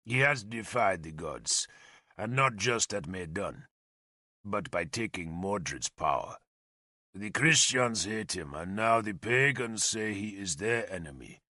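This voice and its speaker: A man reading an audiobook and voicing a grave Numidian warlord who speaks slowly and carefully. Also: lowish voice, animated, bright, forceful tone, no room sound, clean studio sound, full character voice. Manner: slow, careful, deliberate speech. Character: slow, grave Numidian warlord, loyal veteran.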